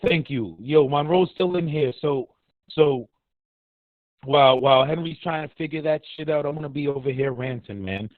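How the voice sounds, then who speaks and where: A man's voice: on the high side, normal speed, no echo. A man, from a Dominican family, delivering a heated, profane, sarcastic sports rant as a podcast co-host. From Dominican heritage. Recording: dry, tinny phone-like line.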